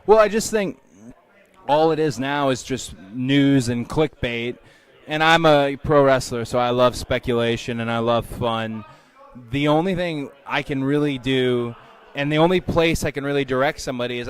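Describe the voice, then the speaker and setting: A man, a professional wrestler, answering interview questions in a candid, relaxed and conversational way. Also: medium pitch, normal speed, clear, resonant tone.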